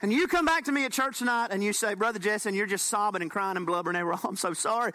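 A man preaching from the pulpit, his voice pitched high and bright. He delivers the sermon in an animated, folksy way with touches of humor. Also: quick pace. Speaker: pastor.

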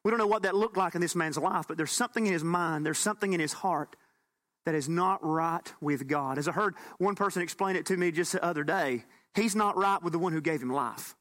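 A pastor preaches from the pulpit in a high, bright voice at a brisk pace. His sermon is animated and folksy, with touches of humor.

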